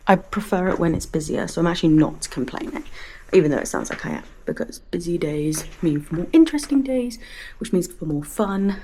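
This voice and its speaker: A young British woman chatting casually to camera for her vlog, often slipping into a hushed half-whisper. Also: fairly low pitch, lively intonation, a little fast, a little hiss or hum, rough recording. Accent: British English. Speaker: book vlogger.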